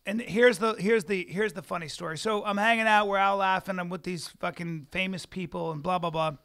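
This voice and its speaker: A man's voice: high voice, fairly even intonation, a little fast, a bit bright, clear, resonant tone. A man in his forties, a comedian co-hosting a podcast, telling a rambling, profane story in casual chat. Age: 40s. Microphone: studio mic.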